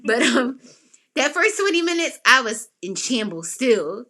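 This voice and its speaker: A slightly slow, rather high female voice belongs to a podcast host telling a personal story. The chat is casual, and her delivery is lively and emotional, with quoted lines delivered in a raised voice.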